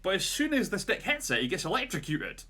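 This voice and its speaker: A man's voice: sits high, sing-song, fast talker, a crowd in the background. A man co-hosting a podcast, retelling a story in a casual, rambling way with lots of "like" and "right?". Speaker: podcast co-host.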